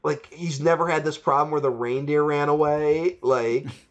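Slightly high-voiced and fairly even in intonation, this male podcast co-host moves at a moderate pace through a laid-back film discussion. He wanders off on tangents, laughs, and re-enacts scenes, and the audio is dull.

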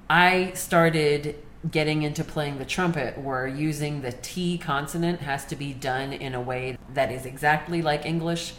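A woman chatting casually on a panel, telling stories in an animated way and laughing often. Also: sits low. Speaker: podcast panelist. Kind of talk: casual chat. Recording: echoey room, faint background noise.

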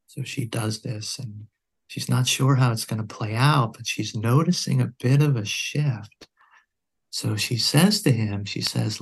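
A man guest on a podcast, telling a story in conversation in an earnest, measured way. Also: medium pitch, animated, gravelly, breathy edge.

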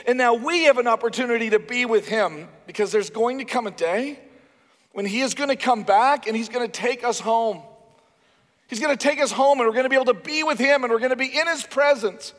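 Animated high-voiced male preacher. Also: fairly quick, big-room sound. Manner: animated, emphatic, acts out dialogue. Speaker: pastor. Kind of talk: sermon.

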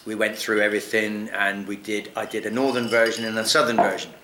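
A man telling a long anecdote in casual chat, animated, swearing often and laughing. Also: fairly low pitch, a little fast, echoey room, a little hiss or hum. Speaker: guest actor. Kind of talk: casual storytelling.

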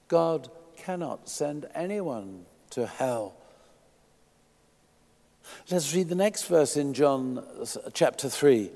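A man preaching a sermon in a church, emphatic, swinging from quiet asides to loud declarations. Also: medium pitch, takes it slowly, in a large hall.

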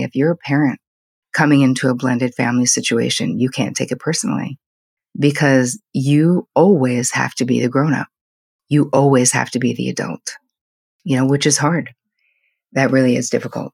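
Husky, candid woman telling stories. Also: rumbling low, no echo. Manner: candid, animated storyteller. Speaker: guest psychotherapist. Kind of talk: podcast interview.

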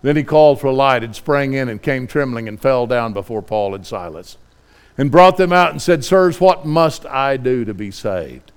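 A middle-aged man preaching a sermon, reading scripture quietly and then building to fervent, pleading questions. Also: mid-range voice, animated, moderate pace, clean tone.

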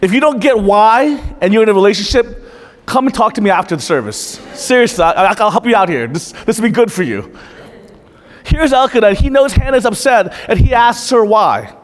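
A man with a high-pitched voice preaches a sermon, earnest and direct, often turning questions on his listeners. His voice rings through a church with long hall reverb. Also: lively intonation, brisk. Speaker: pastor.

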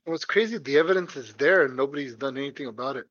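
A man's voice: medium pitch, very fast, fairly bright tone, dry recording. A man co-hosting a casual podcast chat, laid-back and profane, laughing easily, on a dull lo-fi recording. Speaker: podcast co-host. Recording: dull lo-fi sound.

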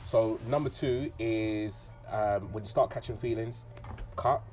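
A man's voice: on the low side, steady tone, a little slow, a little mellow. A man, co-hosting a casual podcast chat, joking and acting out the voices of the people he quotes. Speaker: podcast co-host.

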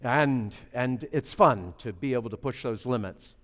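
A man preaching a sermon and telling a family story, swinging between loud emphasis and hushed moments, with halting repeats. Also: medium pitch. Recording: long reverb of a large hall.

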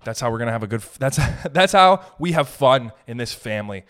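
A man's voice: medium pitch, expressive, fairly quick, a bit bright. A man in his thirties hosting a solo podcast, ranting in a profane, exasperated, rambling way full of restarts. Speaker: podcast host. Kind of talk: solo comedic rant.

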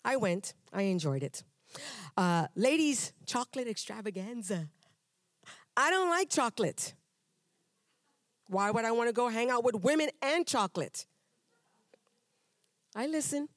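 Woman telling a lively church testimony. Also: on the high side, a little slow, long pauses, no echo, studio quality. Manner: animated storyteller, acts out dialogues with humor; conversational with frequent restarts. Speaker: church member giving testimony. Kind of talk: personal testimony to a congregation. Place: church hall before a congregation.

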